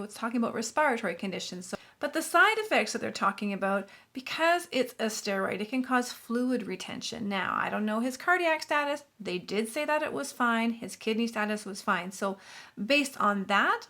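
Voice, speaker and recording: A nurse with a Southern US accent reacts to news clips in a chatty commentary video, explaining a clinical topic. Her voice is a little high with a fairly bright tone.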